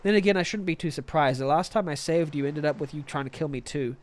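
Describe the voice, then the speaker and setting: A man's voice: fairly high pitch, fast talker, natural voice. A man reading as a cocky revenant warrior. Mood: mocking. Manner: taunting, sarcastic. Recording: game music underneath.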